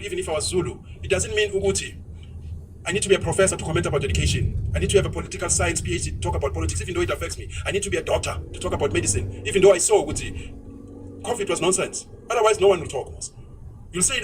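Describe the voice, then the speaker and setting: A South African man speaking fast and outspokenly while driving, dropping Zulu words into a casual opinionated monologue. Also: high-pitched, distant mic, noisy background. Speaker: vlogger. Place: inside a moving car.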